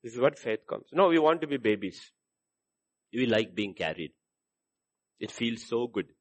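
A man preaching a sermon, moving from low musing asides to loud, animated passages where he acts out the voices of the people he quotes. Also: normal speed. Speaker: pastor.

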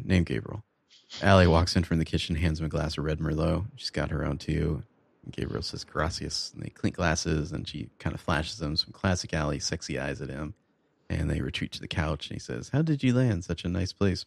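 A man's voice: extremely low pitch, a little fast, gravelly, no echo. A man co-hosting a podcast, recapping a TV episode in a sardonic, profane casual chat. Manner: sardonic, profane, reads quoted dialogue flatly.

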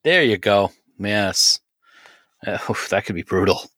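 A man's voice: on the low side, animated, a little slow, fairly bright tone, no room sound, studio quality. A man co-hosting a podcast, chatting casually and trading playful jabs. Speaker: podcast co-host.

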